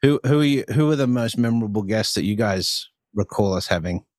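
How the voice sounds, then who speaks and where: A man with an Australian accent hosts a podcast in loose, halting conversation, peppered with ums and you-knows. His voice sits fairly low and sounds dry and close. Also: expressive, dry recording. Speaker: podcast host.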